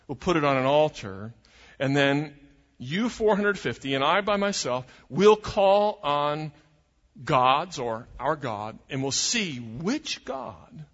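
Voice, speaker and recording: Man preaching in an echoing hall. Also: on the high side. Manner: storytelling, animated retelling of scripture. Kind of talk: sermon. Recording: muffled recording in a reverberant hall.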